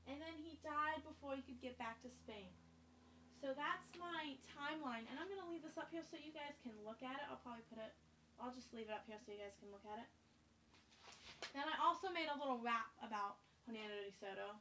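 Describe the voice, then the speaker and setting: A young woman teaches a class, talking students through a task in a friendly, chatty way. She explains each step plainly. Her voice is high. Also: brisk, sharp tone, a little hiss or hum. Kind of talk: classroom instruction.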